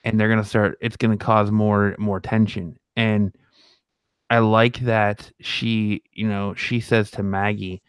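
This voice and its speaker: Low, smooth-voiced man rambling casually. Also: level tone, a little slow, no room sound, clean studio sound. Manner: rambling with frequent restarts and fillers. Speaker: podcast co-host. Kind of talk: casual fan discussion.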